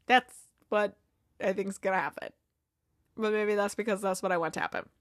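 A woman hosting a casual episode recap, retelling scenes with quick quoted dialogue and frequent laughs. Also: mid-range voice, dry recording, clean studio sound. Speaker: podcast host recapping a TV episode.

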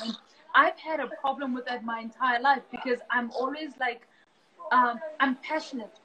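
High-voiced earnest woman host. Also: fairly even intonation, normal speed, noisy background. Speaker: podcast host. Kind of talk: casual conversation.

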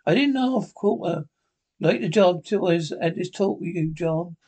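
An eager young sailor lad, played by a male reader, speaking earnestly and a little higher than the narration. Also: expressive, moderate pace, darkish tone.

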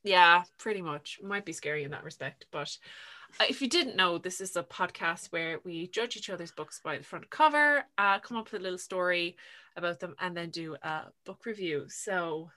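A woman's voice: fairly low pitch, normal speed, pushed and bright. A young Irish woman co-hosting a book podcast in casual, rambling chat with lots of filler words. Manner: chatty, rambling with many fillers. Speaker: podcast co-host.

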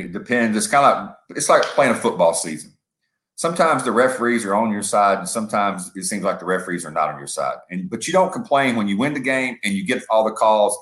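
A man's voice: fairly low pitch, fairly bright tone. Guy co-hosting a podcast, rambles, sports analogies, roomy echo. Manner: rambling, uses football comparisons, acts out quotes. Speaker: podcast co-host. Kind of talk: casual political commentary.

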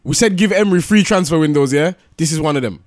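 A man's voice: a little high, expressive, quick pace. A young man, ranting in a heated casual football chat, exasperated and repeating himself. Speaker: football podcast co-host.

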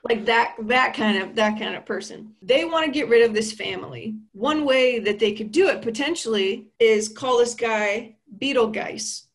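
A young woman chatting casually and animatedly as she retells a film plot, full of quick asides. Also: fairly high pitch.

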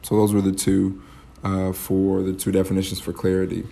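A man hosting a solo podcast, reflecting aloud in a halting way, with many fillers and restarts. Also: low-pitched, monotone, creaky, warm tone. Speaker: podcast host.

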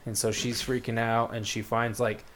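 A man's voice: mid-range voice, flat delivery, normal speed, a bit bright, slight background noise. A man casually retelling a story in a rambling way, with many fillers and quoted lines. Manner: rambling, laid-back, lots of fillers and quoted voices. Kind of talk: casual chat, retelling a book plot.

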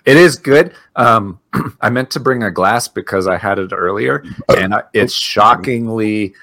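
A man's voice: on the low side, measured pace, sharp tone, dry recording. A man co-hosting a podcast, chatting casually and joking, laughing often. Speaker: podcast co-host. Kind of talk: casual chat.

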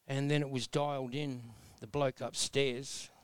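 An Australian man in his sixties, appearing as an interview guest, tells his life story in a blunt, earnest, folksy manner with mild self-mocking humor. His voice is medium-pitched, clear and resonant, with a level tone and an unhurried pace. There is no room sound.

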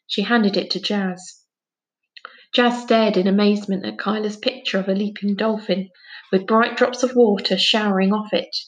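A woman reading a children's book aloud with clear, gentle storytelling. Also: mid-range voice, fairly even intonation, moderate pace, lo-fi sound. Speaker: story reader.

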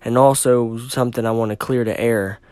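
This solo podcast host is furious and profane, agitated and tripping over his words as he rants. Yet his medium-pitched voice stays steady, moderately paced, a little mellow, clear and resonant, on a dry recording.

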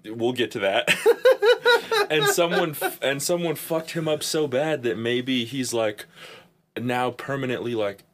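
A young man co-hosting a podcast, telling stories in casual chat, animated, laughing often and swearing freely. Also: mid-range voice, a little slow. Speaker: podcast co-host.

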